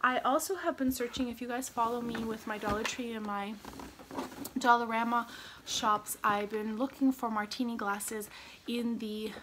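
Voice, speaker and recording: A woman showing off her shopping finds at home in a gushing, chatty way, now and then dropping to a soft whisper. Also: fairly high pitch, steady tone, moderate pace, slight background noise. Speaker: vlogger. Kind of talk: casual haul chat.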